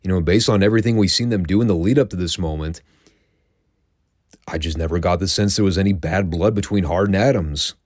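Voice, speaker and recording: A podcast host who reviews classic wrestling gives a casual, wry recap of old episodes, swearing now and then. His deep, darkish voice moves a little fast, and the studio-quality recording has no echo.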